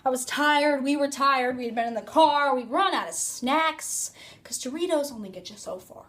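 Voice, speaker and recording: A woman's voice: sits high, moderate pace, a bit bright, slight background noise. A young woman vlogger telling a rambling casual story into her phone, full of "like" and fillers. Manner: chatty, rambling, filler-heavy "like".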